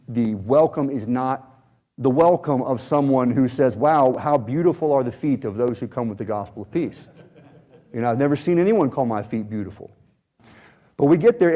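A man preaching a sermon as a missionary pastor, earnest and repetitive, with prayerful pauses. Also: medium pitch, warm tone. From United States.

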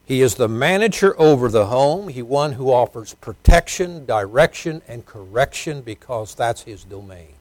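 A middle-aged man preaching a sermon as pastor, swinging between loud emphasis and quiet asides. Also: medium pitch, expressive, normal speed, few pauses, no echo.

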